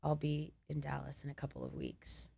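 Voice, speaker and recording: A young woman comedian hosting a podcast, chatting casually, brash and swearing freely with quick joking asides. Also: extremely low pitch, very animated, gravelly, dark tone, husky, no echo.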